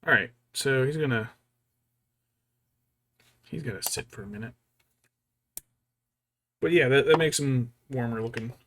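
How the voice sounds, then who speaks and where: A man's voice: medium pitch, measured pace, long pauses, a bit bright, slight background noise. A man casually thinking aloud as he paints a miniature, rambling and musing to himself. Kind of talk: casual hobby vlog chat.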